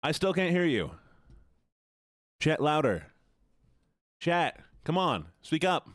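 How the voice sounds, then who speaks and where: A man's voice: fairly high pitch, big pitch swings, slow, no room sound, clean studio sound. A man live-streaming in a playful, joking way, sounding nasal and stuffed-up as he teases his chat. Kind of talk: casual live-stream chatter.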